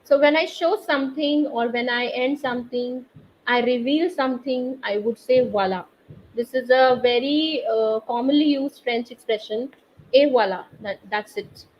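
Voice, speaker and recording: A woman teaching a live online French class, explaining accents slowly and quizzing her students through the chat. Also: fairly high pitch. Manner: slow, patient, quizzes students via chat. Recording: slightly dull online class audio with faint noise.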